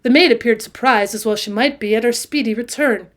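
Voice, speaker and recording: A woman with a fairly high voice reads a classic novel aloud for her students. Her reading is expressive, and she gets louder whenever a character speaks. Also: a little fast. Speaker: audiobook reader and teacher.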